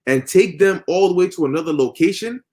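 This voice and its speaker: A man's voice: high-pitched, fairly quick, a little mellow. A man in a casual religious discussion who quotes scripture and acts out other people's voices.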